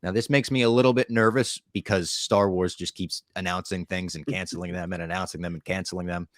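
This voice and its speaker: A man's voice: low voice, fairly even intonation, fairly quick, no room sound, clean studio sound. A man hosting a podcast in casual chat, upbeat and leading into each segment. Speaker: podcast host.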